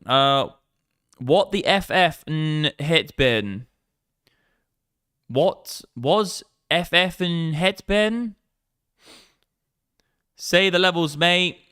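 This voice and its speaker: A man's voice: on the high side, bright, forceful tone, smooth, no echo, studio quality. A young man hosting a trading livestream, chatting casually and sweary while reading out viewer comments. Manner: brash, sweary banter with a running joke. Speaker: crypto trading livestream host.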